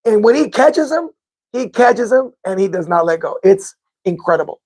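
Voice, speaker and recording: A man's voice: sits high, sing-song, moderate pace, a little mellow. A man hosting a live sports fan podcast, chatting casually with viewers, rambling and repeating himself as he corrects his own figures. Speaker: podcast host reading live chat.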